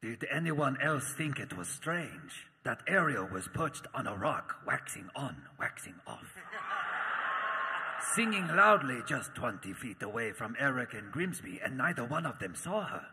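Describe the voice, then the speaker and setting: A man's voice: mid-range voice, wildly swooping pitch, a little slow, pushed and bright, big-room sound, a little hiss or hum, heavily acted. A man doing a wise old master narrating. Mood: wry. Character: elderly wise old male martial arts master, narrating. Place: convention stage.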